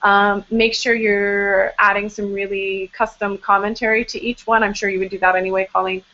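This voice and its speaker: A young woman coaches bloggers during a live online hangout, chatty and upbeat, full of fillers and little self-deprecating jokes. Her voice sits at an everyday middle pitch. The sound is slightly dull and muffled, as on a video call. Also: little pitch movement, moderate pace, sharp tone. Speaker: blog coach hosting a live Q&A. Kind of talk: casual live webinar advice.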